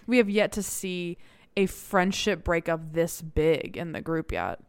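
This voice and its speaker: A woman co-hosting a podcast, chatting casually about a TV show, giggly and animated, often repeating herself. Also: fairly low pitch, unhurried, clear, resonant tone, no echo. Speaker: podcast co-host. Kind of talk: casual chat recapping a TV show.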